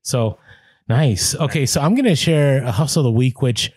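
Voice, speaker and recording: Relaxed man with a Latino accent. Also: mid-range voice, normal speed, husky, no room sound, clean studio sound. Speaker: podcast co-host. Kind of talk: casual podcast chat.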